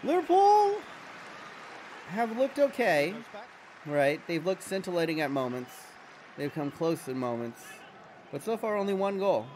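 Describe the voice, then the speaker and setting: A young American man hosting a livestream, chatting loosely and reacting to viewer comments. His voice sits a little high and swings widely in pitch as he talks. Faint hum in the background. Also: very animated, measured pace, pauses often, darkish tone. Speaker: livestream host. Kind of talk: casual livestream chat.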